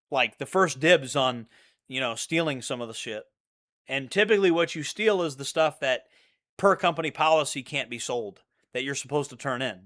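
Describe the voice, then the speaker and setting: Bright-voiced man telling rambling stories. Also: mid-range voice. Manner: rambling, profane, repeats himself. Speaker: channel host. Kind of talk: casual storytelling monologue.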